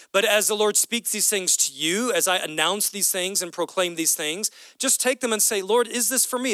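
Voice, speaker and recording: A man in his thirties preaches a lively, conversational sermon, slipping into the dialogue he describes. His voice sits high and sounds bright and crisp. The sound is dry and close. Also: no room sound. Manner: animated and conversational, acting out dialogue. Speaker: pastor.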